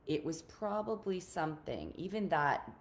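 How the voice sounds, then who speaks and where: A woman's voice: low voice, sing-song, moderate pace. A woman relationship coach talking casually on a live stream to her group, earnest and encouraging, often repeating her key points.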